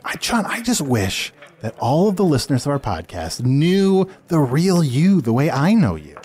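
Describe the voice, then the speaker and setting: A man's voice: fairly high pitch, very animated, moderate pace, darkish tone, husky. A man hosting an improvised comedy podcast, playful and exclamatory. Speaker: podcast host.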